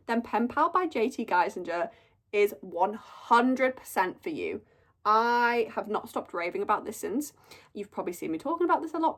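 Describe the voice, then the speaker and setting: Lively chatty woman reviewing books. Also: mid-range voice, moderate pace. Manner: chatty, gushing, animated storytelling with frequent "like". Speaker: book reviewer. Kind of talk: casual monthly reading wrap-up.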